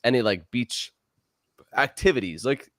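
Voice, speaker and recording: Lively, playful young man. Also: medium pitch, unhurried. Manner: energetic, playful, animated. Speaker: podcast co-host. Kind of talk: casual podcast chat.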